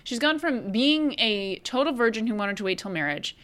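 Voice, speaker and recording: A woman's voice: fairly high pitch, expressive, normal speed, a bit bright. A woman co-hosting a casual movie recap, critical and blunt, swearing casually. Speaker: podcast co-host.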